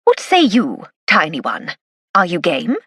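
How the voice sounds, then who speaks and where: A woman's voice: on the low side, huge pitch swings, unhurried, fairly bright tone, husky, no echo, studio quality, voice pushed down, exaggerated voice. A woman voicing a spirited, playful aristocratic lady who speaks in a well-spoken, theatrical way.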